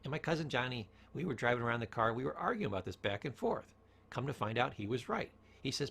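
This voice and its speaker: Quick and animated, this motivational speaker on communication uses a medium-pitched, slightly bright yet gravelly and husky voice. He relies on storytelling and rhetorical questions, varying his tone to drive points home.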